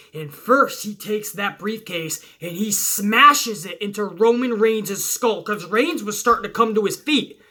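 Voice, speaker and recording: Host-type male, bright forceful voice, cursing through hype play-by-play of his dream match. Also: high-pitched. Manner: excited, swearing storyteller narrating moves blow by blow. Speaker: wrestling show host. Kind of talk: profane fantasy-booking play-by-play.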